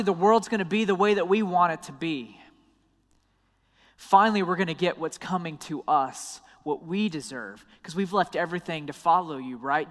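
A man preaching a sermon. He often drops into a soft, low voice when he quotes someone. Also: big-room sound. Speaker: pastor.

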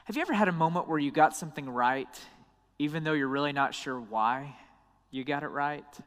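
A man preaching a sermon. He often drops into a soft, low voice when he quotes someone. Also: brisk, big-room sound. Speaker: pastor.

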